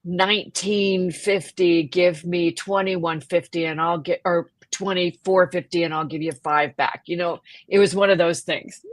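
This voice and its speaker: A chatty woman with a fairly low voice in a relaxed podcast conversation. She laughs easily and searches for words as she talks, and her voice sounds close and dry. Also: a little slow, few pauses, no echo. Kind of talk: casual podcast chat.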